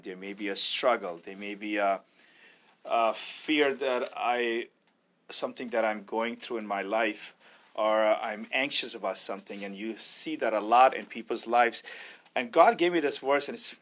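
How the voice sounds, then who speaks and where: A man's voice: lowish voice, bright, forceful tone. A man, an evangelist, sharing a personal faith testimony in an earnest, preacherly way, often quoting scripture.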